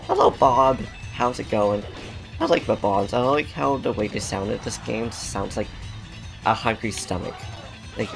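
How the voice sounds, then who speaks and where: A man giving casual, chatty gameplay commentary as host, sassy toward the game and laughing often. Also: fairly low pitch. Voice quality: gravelly. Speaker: gaming channel host. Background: game music.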